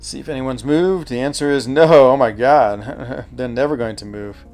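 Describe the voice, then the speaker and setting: A man's voice: mid-range voice, moderate pace, a little mellow, soft background music. A man chatting casually while streaming a mobile game, thinking aloud, answering chat and laughing easily. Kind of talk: casual live gameplay commentary.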